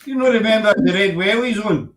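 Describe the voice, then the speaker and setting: A man's voice: sits high, a little fast, fairly bright tone, echoey room, slight background noise. A Scottish man hosting a casual show, teasing his guest and joking as he rambles. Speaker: host. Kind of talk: casual banter on a web show.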